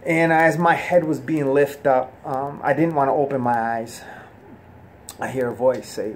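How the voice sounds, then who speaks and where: Earnest, halting man giving a testimony. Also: mid-range voice, level tone, a little hiss or hum. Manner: halting, with many fillers and restarts; earnest and soft-spoken. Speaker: person giving a religious testimony. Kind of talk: personal testimony.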